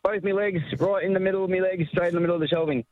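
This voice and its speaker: A man's voice: high voice, steady tone, racing, no echo. Laid-back Australian man on phone line. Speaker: caller. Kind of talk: phone-in anecdote.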